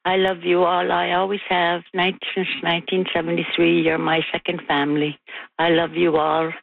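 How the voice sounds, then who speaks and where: A woman's voice: on the low side, level tone, creaky, dry recording. An older woman calling in to a radio show, sending rambling, affectionate greetings to family and friends. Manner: rambling and affectionate, many pauses. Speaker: caller. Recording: tinny phone line.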